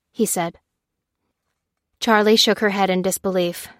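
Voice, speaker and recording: A woman narrates an action audiobook with steady, tense storytelling. Her pitch sits mid-range. The recording is close and dry. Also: a little slow, long pauses, dry recording. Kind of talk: scripted narration.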